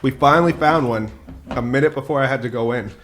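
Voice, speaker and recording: A man's voice: medium pitch, fast talker, a bit bright, a little hiss or hum. Laughing, profane man telling a story. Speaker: podcast guest. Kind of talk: casual storytelling.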